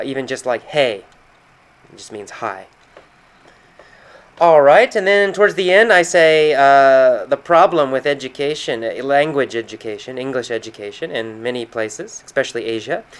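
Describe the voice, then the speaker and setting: American guy teaching english words, calm and patient, clean smooth voice, acts out little example phrases. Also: mid-range voice. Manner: slow, patient explanations with quoted example phrases. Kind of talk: explaining vocabulary from a recorded conversation. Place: San Francisco.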